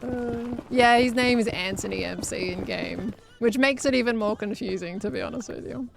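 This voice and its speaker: A woman's voice: a little high, moderate pace, creaky. A young adult woman streaming casually, answering chat messages and laughing often.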